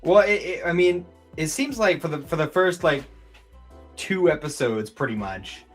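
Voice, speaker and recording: A man's voice: on the high side, animated, moderate pace, soft background music. Chatty man co-hosting a podcast. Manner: chatty, rambling with many fillers. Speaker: podcast co-host. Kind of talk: casual chat.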